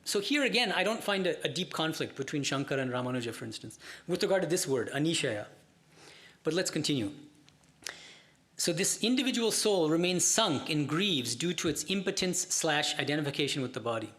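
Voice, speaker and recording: A man's voice: on the high side, big pitch swings, fairly bright tone. Man teaching a scripture class. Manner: measured explaining with rhetorical questions; slow chanting of Sanskrit verses. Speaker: Vedanta teacher.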